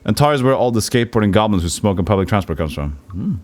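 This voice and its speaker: A man's voice: fairly low pitch, lively intonation, quick pace, darkish tone. A man casually commenting while streaming an old role-playing game, rambling and joking. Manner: rambling, joking, mimics characters.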